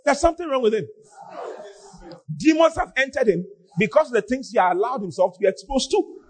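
A man preaching on a podcast, scolding with animated rhetorical questions and shouting for emphasis. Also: very high voice, fairly quick, a little hiss or hum.

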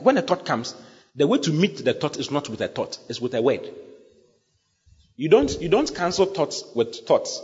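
A man preaching a sermon in an animated, repetitive way, often asking his listeners questions. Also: fairly high pitch, moderate pace, long reverb tail, highs cut off.

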